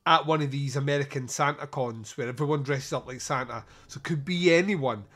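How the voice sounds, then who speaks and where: Bright-voiced animated male podcast host. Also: medium pitch, fairly quick. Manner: animated, swearing, laughs often. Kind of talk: casual film review chat.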